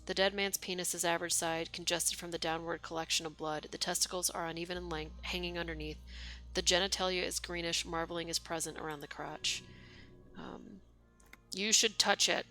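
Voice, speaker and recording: Deadpan woman reading game text aloud. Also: fairly low pitch, a little fast, soft background music. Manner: deadpan reading, wry asides, swears. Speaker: streamer.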